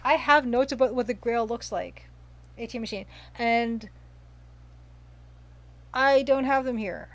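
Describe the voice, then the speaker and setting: A woman's voice: fairly high pitch, measured pace, pauses often. Chatty woman streaming a retro game. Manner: chatty, reads viewer comments aloud and gushes over pixel art. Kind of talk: casual live-stream commentary.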